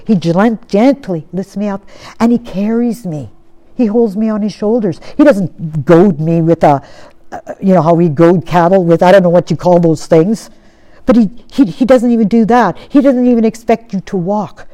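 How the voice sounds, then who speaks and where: A woman preaching a sermon in an earnest way. She poses rhetorical questions and often sinks to a soft tone. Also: medium pitch, moderate pace.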